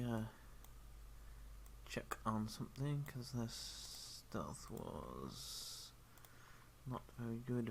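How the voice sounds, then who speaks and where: A man narrating as game master for a tabletop game stream, rambling with many ums and quick apologies. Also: mid-range voice, slight background noise. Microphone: headphones with a desk mic.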